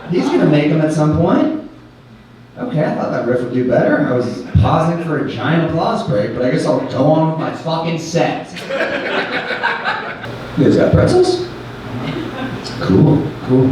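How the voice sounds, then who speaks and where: A man's voice: fairly high pitch, sing-song, moderate pace, long pauses, dark tone. A man doing stand-up crowd work, brash and self-mocking, swearing freely. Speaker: stand-up comedian. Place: small comedy club stage. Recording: echoey club from a distance, audience noise. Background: audience laughter.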